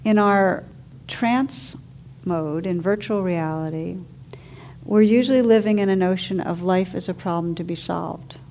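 A woman teacher giving a slow, gentle reflective talk, reading a story aloud. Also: mid-range voice, slight background noise. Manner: slow, gentle, thoughtful delivery.

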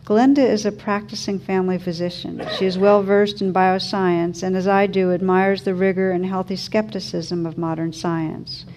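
A woman teacher giving a slow, gentle reflective talk, reading a story aloud. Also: medium pitch, steady tone, a little hiss or hum. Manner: slow, gentle, thoughtful delivery.

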